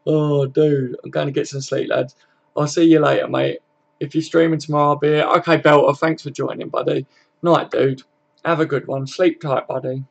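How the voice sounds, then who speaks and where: Bloke chatting on a live stream, gravelly voice, bit high, swears a lot, dull lo-fi sound. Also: male voice, fairly even intonation, normal speed. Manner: laid-back, swears freely, greets viewers by name. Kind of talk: casual live stream chat.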